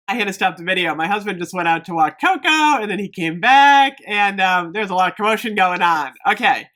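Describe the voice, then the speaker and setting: A woman's voice: mid-range voice, a little fast. Gushing woman vlogger unboxing candles. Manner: gushing and excitable, often addressing viewers as "you guys". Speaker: YouTube host reviewing candles. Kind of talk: casual unboxing vlog.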